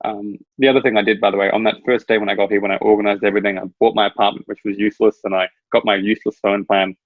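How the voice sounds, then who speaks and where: A man's voice: on the low side, flat delivery, very fast, no echo, narrow, tinny audio. A man chatting casually as a guest over a video call, rambling through stories and laughing at his own anecdotes. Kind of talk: casual chat.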